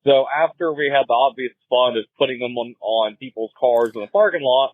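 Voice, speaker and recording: A man with a Southern US accent, a caller telling a laid-back, deadpan story in a voicemail. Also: medium pitch, brisk, noisy background. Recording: muffled voicemail recording.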